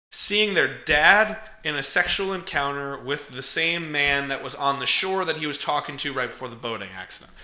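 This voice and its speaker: Bright-voiced man in an echoey room. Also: on the high side. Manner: animated, profane, laughing storyteller. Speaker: podcast co-host. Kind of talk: casual movie recap.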